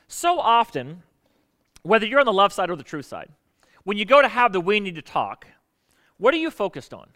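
A man's voice: fairly high pitch, a bit bright, in a large hall. A middle-aged man preaching a sermon in a conversational way, asking the congregation questions and acting out the lines of people he quotes. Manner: conversational, asks the audience questions, acts out quoted voices. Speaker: pastor.

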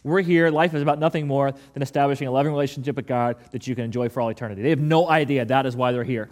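A man's voice: medium pitch, very fast, darkish tone. A man preaching a casual, rambling sermon to his congregation, full of fillers and joking asides. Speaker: pastor.

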